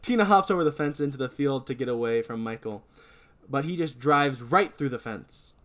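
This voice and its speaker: A man's voice: medium pitch, animated, moderate pace, a bit bright. A man co-hosting a podcast, casually recapping a horror movie plot. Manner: narrates plot, laughs a lot. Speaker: podcast co-host.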